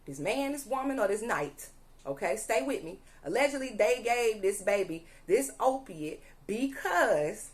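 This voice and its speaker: A young woman reading tarot cards to her viewers, emphatic and repetitive, often stopping to ask "okay?". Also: on the high side. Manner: emphatic, repeats "allegedly" and "okay?", audibly angry at times. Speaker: tarot reader.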